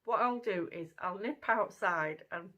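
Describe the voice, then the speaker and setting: A woman's voice: medium pitch, unhurried, fairly bright tone, muffled recording, a little hiss or hum. A woman hosting her own channel, chatting casually through a fruit taste test at home, with plenty of fillers. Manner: chatty, conversational, many fillers. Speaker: channel host.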